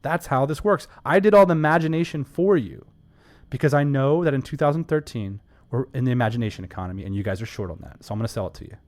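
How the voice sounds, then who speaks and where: A man co-hosting a casual business podcast, talking emphatically and enthusiastically with quick asides. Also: mid-range voice, darkish tone. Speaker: podcast co-host.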